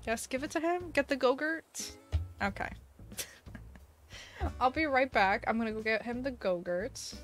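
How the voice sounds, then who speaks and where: A woman's voice: a little high, expressive, measured pace, long pauses, faint music behind. A woman streamer chatting casually on a live stream, giggling often and talking to her pets. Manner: bubbly, giggly, baby-talks to her pets.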